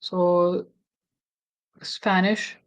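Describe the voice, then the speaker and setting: A woman hosting a casual screen-recorded software walkthrough, thinking aloud and correcting herself with frequent restarts. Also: on the low side, flat delivery, drawn-out words, poor audio. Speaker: tutorial host.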